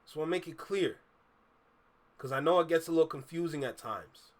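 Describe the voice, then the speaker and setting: A man's voice: a little high, moderate pace. A man with a Toronto accent, hosting a reaction video and giving emphatic, opinionated commentary that repeats its points. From Canada. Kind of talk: casual commentary over a clip.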